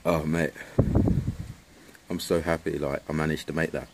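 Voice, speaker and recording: A man's voice: rumbling low, level tone, normal speed, very noisy. A young man chatting casually to camera in a laid-back, slangy way, swearing a lot. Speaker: vlogger. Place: at home and outdoors.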